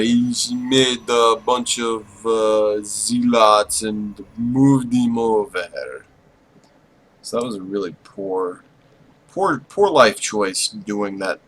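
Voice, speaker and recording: A man giving casual, self-deprecating play-by-play commentary on a strategy game, with bursts of excitement when the fighting heats up. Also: sits low, a little hiss or hum, rough recording. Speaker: esports caster.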